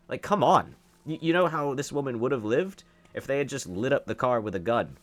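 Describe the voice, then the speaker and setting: A man's voice: mid-range voice, lively intonation, fairly quick, fairly bright tone. A young man delivering a heated, sarcastic opinion monologue as a political commentator, often repeating words as he speaks.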